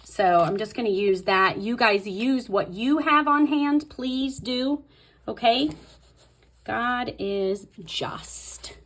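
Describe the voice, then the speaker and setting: Fast-talking woman thinking aloud. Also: on the high side. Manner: thinks aloud while writing, repeats words softly; fast talker. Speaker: host. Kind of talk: casual craft tutorial.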